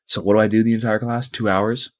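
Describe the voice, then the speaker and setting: A man's voice: fairly low pitch, level tone, quick pace, no room sound. A young man co-hosting a podcast, telling a rambling, tired story with lots of swearing. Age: young adult. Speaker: podcast co-host. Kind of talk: casual podcast chat.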